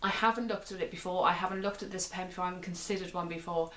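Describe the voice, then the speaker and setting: A woman's voice: lowish voice, steady tone, racing, pushed and bright. A British woman hosting a pen review show, chatting casually and often repeating herself as she describes the pen. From United Kingdom. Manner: chatty, repeats and restarts phrases while describing.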